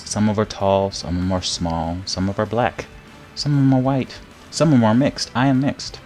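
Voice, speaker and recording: A deep-voiced young streamer rambles through casual gameplay commentary at a moderate pace over faint game music. He repeats words, laughs often, and gets loud and excited whenever he's hit.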